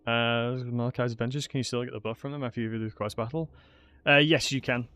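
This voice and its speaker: A man giving casual, excitable commentary while streaming a strategy game and talking to his chat. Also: medium pitch, quick pace, smooth. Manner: chatty, excitable, talks to chat.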